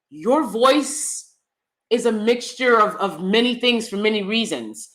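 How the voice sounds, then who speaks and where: A woman's voice: mid-range voice, a bit bright. A woman hosting a live review, an acting teacher who talks to her viewers casually, often repeating words and checking in with "right?".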